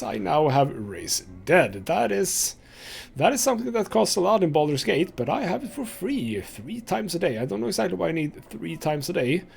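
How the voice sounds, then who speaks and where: A young man talks over his gameplay in a loose, rambling way, stopping to think aloud often. His voice is gravelly and a bit husky, and his pitch moves up and down a lot. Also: a little mellow. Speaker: let's play host. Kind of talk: casual gameplay commentary.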